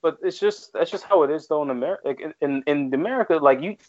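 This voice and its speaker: A man's voice: fairly high pitch, fast, a little mellow, dry recording, highs cut off. A man from New York co-hosting a casual podcast in a playful, joking way. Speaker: podcast co-host.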